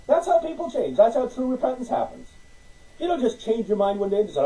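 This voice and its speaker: Animated preacher with a high, lively voice. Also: male voice, quick pace, distant mic, poor audio. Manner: animated, acts out conversations with God, laughs often. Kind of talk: sermon.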